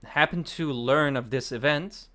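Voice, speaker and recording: Male podcast host, mid-pitched, halting delivery full of fillers, casual call chat. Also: bright, forceful tone. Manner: hesitant, many fillers and restarts. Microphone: online voice call.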